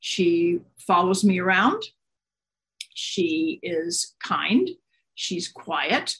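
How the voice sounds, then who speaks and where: A woman voicing a loving, patient mother who speaks softly and reassuringly to her daughter in a story, over a video call. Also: on the low side, big pitch swings, extremely slow, exaggerated voice. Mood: tender. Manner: soft, reassuring.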